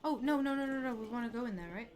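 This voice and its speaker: A woman streaming a game live, chatting away excitably and swearing now and then. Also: on the high side, rapid-fire, slight background noise. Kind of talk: live gameplay commentary.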